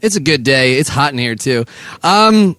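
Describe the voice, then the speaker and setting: A man's voice: medium pitch, expressive, normal speed, a bit bright, dry recording. A man in a backstage dressing room, joking and teasing his bandmate in casual banter. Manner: joking, teasing, laughs often. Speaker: band member hosting a backstage chat.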